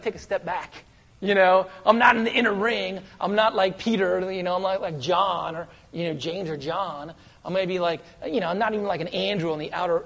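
A man preaching a sermon, telling stories animatedly and swinging between loud bursts and soft, hushed asides. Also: sits high. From West Virginia.

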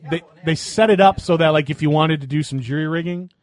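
A man co-hosts a casual podcast chat, wry and matter-of-fact. His voice sits a little high, and the sound is dry and close. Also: fast talker, dry recording. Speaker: podcast co-host.

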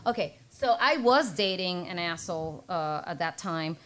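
A woman from Rico, telling stories in a lively, laughing way as a guest at a live comedy show. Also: lowish voice, slight background noise. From Puerto Rico. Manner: animated, laughing, fast run-on storytelling. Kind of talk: casual storytelling.

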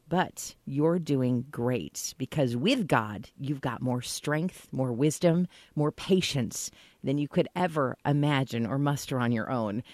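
A woman's voice: low-pitched, no echo. A woman co-hosting a radio morning show, talking in an earnest, encouraging way. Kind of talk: radio talk.

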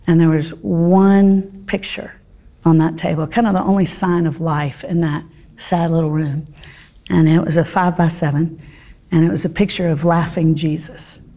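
A middle-aged woman, teaching a Bible study and telling a story in an earnest, heartfelt way, with pauses and fillers. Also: deep voice, steady tone, dark tone.

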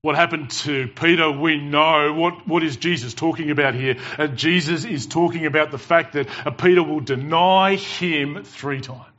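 A man preaching a sermon in church with animated, emphatic storytelling and jokes. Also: a little high, normal speed, few pauses. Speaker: pastor. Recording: dull lo-fi church recording.

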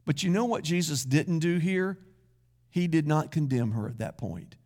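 A man's voice: a little high, animated, normal speed, a little mellow. A man pastor preaching a sermon in a folksy, conversational way, with asides to the congregation.

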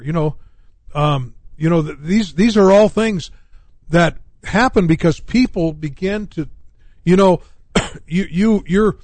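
A man's voice: high-pitched, darkish tone, no echo. A middle-aged male pastor preaching on a radio talk show, rambling with many fillers and restarts.

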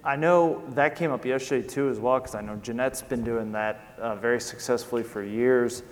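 A man's voice: medium pitch, moderate pace. A man moderating a panel discussion, asking guests long, conversational questions. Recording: long reverb in the room.

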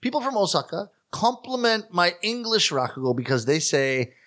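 Man, canadian accent, bright clear tone, slightly high voice, animated self-deprecating storyteller. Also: normal speed. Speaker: rakugo performer. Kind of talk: conversational interview.

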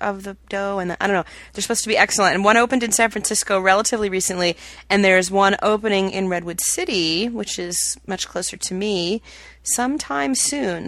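A woman's voice: medium pitch, pushed and bright, no room sound. A woman with a Midwestern accent co-hosting a casual podcast from home, enthusiastic and talkative. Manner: enthusiastic, talkative, quick to agree. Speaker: podcast co-host. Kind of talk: casual chat. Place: home in California.

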